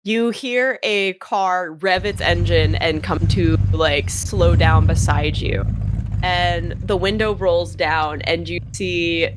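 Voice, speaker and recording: A woman's voice: fairly low pitch, slow, noisy background. A woman narrating as game master in a casual, giggly way. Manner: casual, giggly, lots of fillers.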